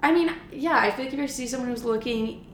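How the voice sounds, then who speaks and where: A woman's voice: high voice, quick pace, slight background noise. Chatty young woman in an echoey room. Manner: chatty, frequent "like", animated retelling. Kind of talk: candid casual chat.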